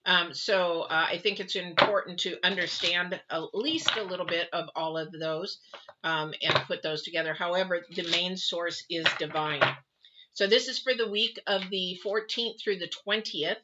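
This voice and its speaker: A woman's voice: on the low side, normal speed, heavy background noise. A middle-aged woman from the West Coast, giving a chatty, earnest live tarot reading with many fillers and asides. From West Coast of the United States. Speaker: tarot reader. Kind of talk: live-streamed weekly reading. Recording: muffled lo-fi stream audio.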